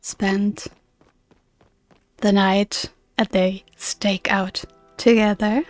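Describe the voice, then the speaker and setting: A woman's voice: mid-range voice, level tone, no echo. A woman casually commenting on her gameplay in a playful, chatty way. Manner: playful, chatty, quick to laugh. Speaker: game streamer.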